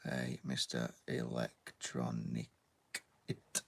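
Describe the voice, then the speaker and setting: A man's voice: a bass voice, completely flat delivery, slow pace, vocal fry, fairly bright tone, slightly rough. A British man chatting casually while giving a drawing tutorial and thanking viewers. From Britain. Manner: chatty, reads out viewer names and thanks them, "mate". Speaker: artist live-streaming.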